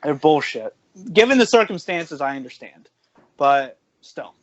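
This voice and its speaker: A man's voice: a little high, very animated, unhurried. A man hosting a casual podcast chat, bluntly ranting and swearing. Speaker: podcast host. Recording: lo-fi video call audio.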